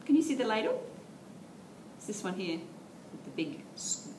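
A woman's voice: mid-range voice, sing-song, normal speed, distant mic. A woman with an Australian accent leading a toddler storytime, singing rhymes and reading a picture book in an encouraging, sing-song way. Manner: sing-song, encouraging, talking to small children. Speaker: children's librarian. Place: library room. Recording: echoey room, faint background hum.

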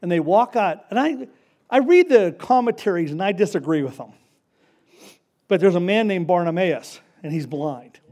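A man preaching a casual, story-driven sermon, acting out the characters in quick voices. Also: sits high, expressive, darkish tone. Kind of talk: conversational sermon.

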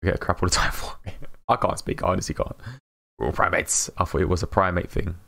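A man's voice: sits low, steady tone, quick pace, gravelly, fairly bright tone. A British man live streaming a game in casual chat, mumbling and slurring his words and laughing often.

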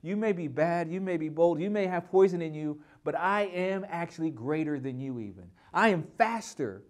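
A man's voice: a little high, expressive, moderate pace, close to an everyday voice. Man voicing a defiant tiny mouse. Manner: defiant, taunting. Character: tiny fearless boastful desert mouse.

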